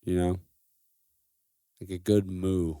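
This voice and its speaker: Low-voiced joking young man. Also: little pitch movement, slow pace, dark tone, smooth, no room sound, studio quality. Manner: joking, profane, riffing. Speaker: podcast co-host. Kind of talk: casual banter.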